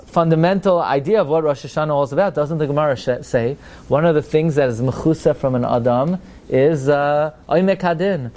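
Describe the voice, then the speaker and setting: Male Torah teacher, fairly high voice, animated, rhetorical questions. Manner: animated, rhetorical questions, rises in pitch when excited. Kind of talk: lively religious lecture.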